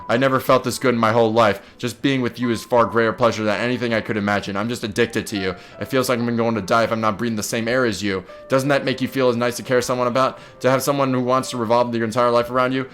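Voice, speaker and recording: A man's voice: medium pitch, a bit bright, lightly acted. A man reading aloud the lines of an obsessive, lovestruck young woman from a video game, in a mostly plain voice.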